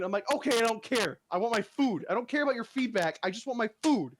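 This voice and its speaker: A young man with a fairly high voice swoops up and down as he rants in casual chat. He talks in an exasperated, laughing way, like a streamer venting to a friend. A faint hiss of noise sits under his voice. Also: quick pace, few pauses. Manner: exasperated, laughing, animated storytelling.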